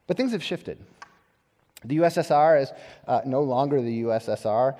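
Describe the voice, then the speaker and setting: A male pastor giving a conversational, animated sermon, often repeating words as he restarts. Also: medium pitch, normal speed. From United States. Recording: long hall reverb.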